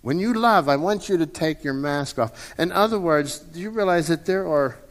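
Middle-aged man in his fifties with a raised pitch, preaching conversationally with repeated words, recorded with a long hall echo. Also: normal speed. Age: 50s. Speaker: pastor. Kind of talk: sermon.

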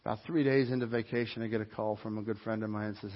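A pastor preaching a sermon, telling a personal story and rising to loud, urgent bursts. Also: male voice, lowish voice, steady tone, very fast, hardly any pauses, in a large hall, dull audio. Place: church.

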